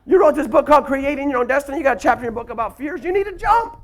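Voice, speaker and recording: A man voicing his wife as firm and insistent, raising his pitch. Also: lively intonation, rapid-fire, slight background noise. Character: insistent wife urging her husband on.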